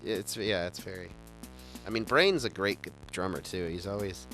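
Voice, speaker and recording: A man's voice: low voice, normal speed, gravelly, bright, forceful tone, faint music behind. A man hosting a casual chat, rambling enthusiastically with many stumbling restarts. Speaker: show host.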